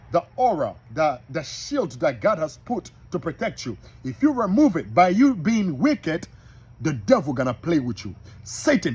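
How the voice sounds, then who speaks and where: A man's voice: fairly high pitch, slightly rough. A man preaching to an audience, emphatic and repetitive, addressing his listeners directly.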